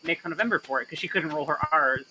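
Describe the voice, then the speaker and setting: A man's voice: fairly high pitch, quick pace, bright, forceful tone, slight background noise, rough recording. A man with an American accent carrying a slight British influence, chatting enthusiastically and often repeating words as he starts a thought. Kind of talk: casual chat while gaming.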